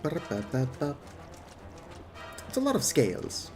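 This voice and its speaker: A man's voice: a little high, sing-song, moderate pace, faint music behind. Man making playful let's-play asides. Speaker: gaming channel host.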